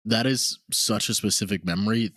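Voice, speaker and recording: A man hosting a comedy podcast, animated and teasing, swearing often in casual chat. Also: lowish voice, normal speed, no room sound, clean studio sound. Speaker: podcast host.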